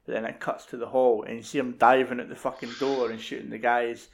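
A podcast co-host chats about a film in a relaxed, sweary way. His gravelly voice hardly rises or falls. It stays at an ordinary middle pitch. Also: a little fast. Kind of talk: casual film chat.

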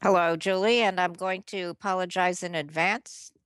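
Low, smooth-voiced woman co-host. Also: fairly even intonation, normal speed, fairly bright tone. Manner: dry and teasing. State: has a slight cough. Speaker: podcast co-host. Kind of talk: casual chat.

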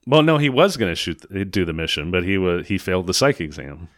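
A man with a deep, low voice talks through a movie plot in a loose, rambling way, swearing now and then. The recording is dry and close, with no room sound. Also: big pitch swings, fast talker, fairly bright tone, no echo. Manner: rambling, profane, loose recap. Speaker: podcast host recapping a film. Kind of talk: casual chat.

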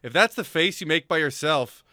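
Guy doing a lisping cocky dating app dude, low soft voice, bright tone. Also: moderate pace, no room sound, clean studio sound. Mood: smug. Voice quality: lisp.

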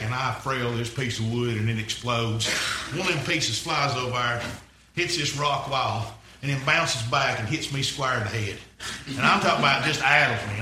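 A man's voice: mid-range voice, bright, forceful tone, roomy sound, a little hiss or hum, poor audio. A man preaching a rambling, folksy story-sermon, repeating himself as he goes.

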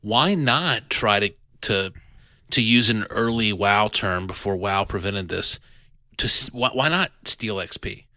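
Bright, dry-voiced man hosting a chat. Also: lowish voice, a little slow, no echo. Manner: animated, self-deprecating, many restarts. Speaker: podcast host reviewing an adventure. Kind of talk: casual chat.

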